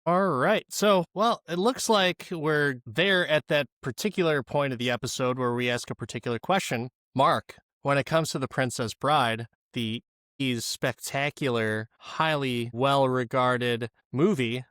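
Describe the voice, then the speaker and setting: A man's voice: medium pitch, a little slow, a bit bright, no room sound, studio quality. A man co-hosting a podcast, chatting casually about a movie in rambling sentences and swearing freely when he gets going. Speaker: podcast co-host. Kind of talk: casual movie-review chat.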